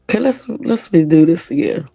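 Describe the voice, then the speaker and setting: A man's voice: on the high side, animated, normal speed, vocal fry, dark tone, husky, no echo, faint music behind. A man hosting a casual livestream reaction, chatty and swearing freely as he talks at his desktop computer. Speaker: livestream host.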